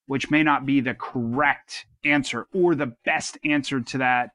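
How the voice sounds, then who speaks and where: A man with a bright, forceful voice, recorded dry and close, talks through advice on a casual podcast. He is earnest and rambles, restarting his sentences often. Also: mid-range voice, steady tone, measured pace, dry recording. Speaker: podcast co-host. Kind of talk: casual advice-giving talk.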